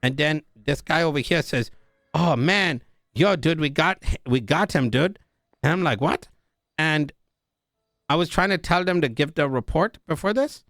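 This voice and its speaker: A man's voice: on the high side, expressive, measured pace, fairly bright tone, dry recording, clean studio sound. A young man in character, telling a rambling story about being taken hostage, full of "like" and "dude" and acting out the other voices. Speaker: roleplay streamer in character.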